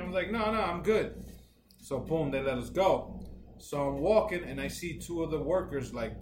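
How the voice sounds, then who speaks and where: A man, co-hosting a casual podcast and telling stories with lively voices for the people in them. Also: mid-range voice. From New Jersey, United States. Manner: animated storyteller, swears, slips into voices of others. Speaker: podcast co-host. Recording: echoey room with noise behind.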